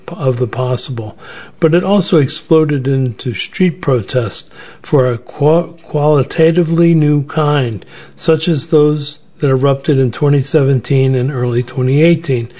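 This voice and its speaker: A man, a journalist, reading his own first-person essay in a measured, reflective way with occasional restarts. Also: medium pitch, warm tone. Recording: slightly dull lo-fi recording.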